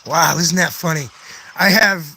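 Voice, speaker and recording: Bright, high-voiced man chatting on a live stream. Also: a little slow, creaky. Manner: rambling, answering chat comments one by one; effusive and earnest, often thanking viewers. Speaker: poet hosting a live stream. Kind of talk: casual live-stream chat with viewers.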